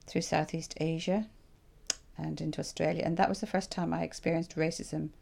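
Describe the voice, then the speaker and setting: Recalling her life for an interviewer, a woman from Ireland in her sixties speaks at a moderate pace in a low, warm, mellow voice with some gravel to it. Her reflective stories are animated, and she voices her own past thoughts as if reliving them.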